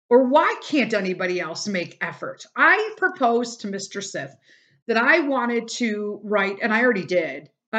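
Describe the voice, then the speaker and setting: A woman's voice: on the high side, sharp tone. Profane venting woman, lo-fi podcast. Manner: blunt and profane, venting with frequent swearing. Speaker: podcast host. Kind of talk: casual solo podcast rant.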